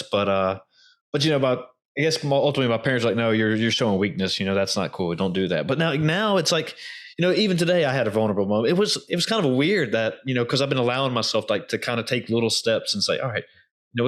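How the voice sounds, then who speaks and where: A man hosting a podcast, chatting casually and saying "dude" and "man". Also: mid-range voice. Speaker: podcast host.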